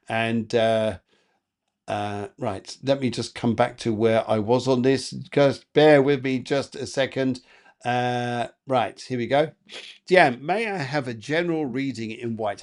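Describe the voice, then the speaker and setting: A man doing live psychic readings for chat viewers, chatty and encouraging, with lots of fillers and restarts. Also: mid-range voice.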